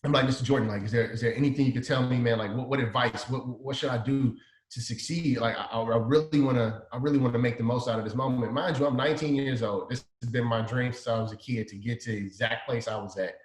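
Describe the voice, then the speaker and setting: Animated Chicago-raised man in echoey room. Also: medium pitch, quick pace. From South Side of Chicago. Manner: animated, acts out quoted dialogue. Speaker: guest, designer. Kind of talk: storytelling in an interview.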